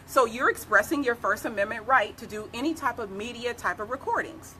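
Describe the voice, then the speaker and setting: A woman's voice: on the high side, a little fast, sharp tone, slight background noise. A woman attorney giving emphatic live advice, repeating key phrases as she explains. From United States. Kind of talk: live legal advice talk.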